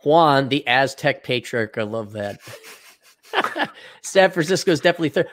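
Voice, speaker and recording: A man's voice: mid-range voice, expressive, normal speed, pauses often, a bit bright, no echo, clean studio sound. A man co-hosting a casual talk show, reading out donations and giving blunt, sarcastic opinions. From Wisconsin. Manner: blunt, sarcastic, acts out mocking quotes. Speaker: podcast co-host.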